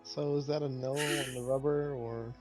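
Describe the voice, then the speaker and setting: A man's voice: medium pitch, steady tone, normal speed, over music. A man playing a tabletop game, chatty and laughing often while thinking aloud. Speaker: player. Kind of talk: casual tabletop game chat.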